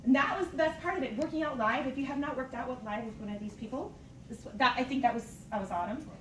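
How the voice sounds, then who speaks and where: A woman in her thirties, a fitness coach, gives an enthusiastic, casual talk to a live group at a team meeting, laughing often. Her voice is high, fast, and fairly bright. The meeting room is echoey and noisy, picked up by a distant mic, with an audience present.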